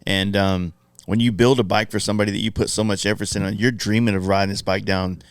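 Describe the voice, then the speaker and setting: Smooth, dry-voiced podcast co-host man. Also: lowish voice, steady tone, no echo. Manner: reflective, measured, with casual swearing. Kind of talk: casual podcast chat. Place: motorcycle shop.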